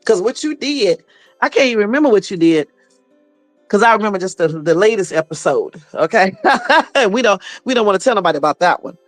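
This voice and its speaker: A woman's voice: mid-range voice, animated, a little fast, dry recording. Woman host, phone livestream, blunt and sassy, swears a lot; dry sound, faint music behind. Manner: blunt, sassy, profane storytelling. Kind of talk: casual livestream chat.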